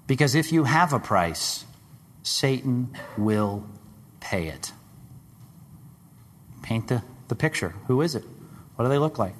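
A man preaching a sermon, dramatic, rising to loud high questions and dropping to hushed low tones. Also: animated, slow pace, long pauses, a little hiss or hum. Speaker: pastor. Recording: long hall reverb.

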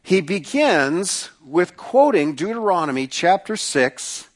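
A male pastor preaching a sermon, emphatic, repeating phrases and slowing down to stress points. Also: high voice, big pitch swings.

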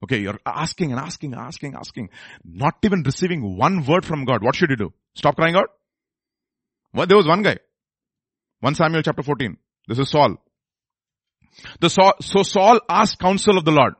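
A man preaching a sermon, moving between low murmured asides and loud, high exclamations and questions to the congregation. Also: lively intonation, normal speed, pauses often, breathy edge, dry recording. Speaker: pastor.

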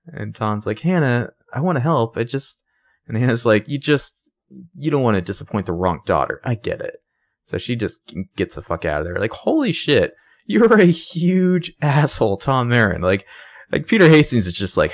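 A man co-hosting a casual podcast, recapping a TV episode in an animated way, acting out lines and swearing freely. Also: mid-range voice, normal speed. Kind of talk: casual chat.

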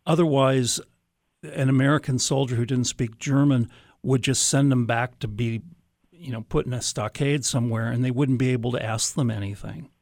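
A man's voice: mid-range voice, fairly even intonation, normal speed, vocal fry, darkish tone, no echo. Man hosting a radio interview, dry sound. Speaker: radio host.

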